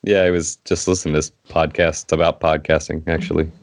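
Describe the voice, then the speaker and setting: A relaxed male podcast host with a very deep voice asks his guest questions. He keeps the talk friendly and loose. The sound is dry and close to the mic. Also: fairly quick, no room sound. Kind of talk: casual podcast interview.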